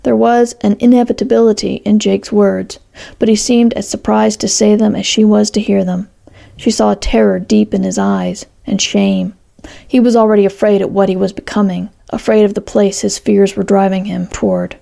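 Woman, story narrator, steady measured reading, heavily gravelly voice, mellow dark tone. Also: medium pitch.

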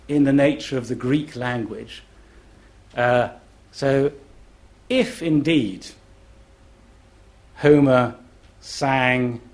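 A middle-aged man speaks at a measured, unhurried pace, giving a lecture-style talk to a festival audience. He is eager and enthusiastic, and he often chants rhythms aloud in nonsense syllables to illustrate them. His pitch sits in an ordinary middle range. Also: darkish tone. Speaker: classics scholar speaking on a festival panel. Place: live event, indoors.

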